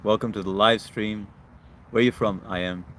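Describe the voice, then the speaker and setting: A man with a low voice hosts a casual live stream outdoors, chatting in a loose, laid-back way as he reads comments aloud. Traffic and general city noise come through clearly behind him. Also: fairly even intonation, moderate pace, a bit bright. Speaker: live stream host reading chat. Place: outdoors near a yard with brush.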